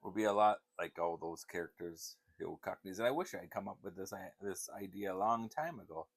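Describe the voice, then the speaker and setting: This clip features a channel host, an older man whose low, creaky voice moves briskly. He spins casual, wandering tales, often starting over and laughing as he goes.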